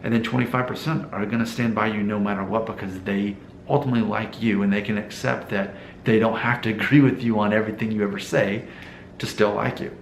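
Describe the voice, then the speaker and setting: A man's voice: fairly low pitch, steady tone, a little fast, vocal fry, echoey room, a little hiss or hum, rough recording. A man from Alabama with a mild Southern accent, talking casually to camera in a rambling vlog and asking his viewers rhetorical questions. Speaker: hair loss YouTuber.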